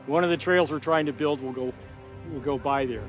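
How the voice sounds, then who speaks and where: A man's voice: medium pitch, a little fast, soft background music. A man who directs a nonprofit, explaining a historic site outdoors in a documentary interview with enthusiasm. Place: outdoors by a ridge.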